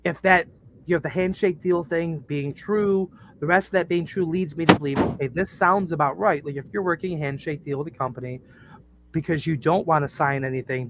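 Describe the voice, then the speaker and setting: A man's voice: on the high side, a little hiss or hum. A man on a podcast telling crude, joking stories in casual chat, laughing at his own jokes. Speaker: podcast co-host.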